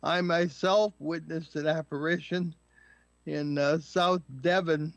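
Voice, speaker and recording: An older man co-hosting a radio talk show over a remote call, talking in a halting way with many filler words. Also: on the high side, dry recording. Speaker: co-host.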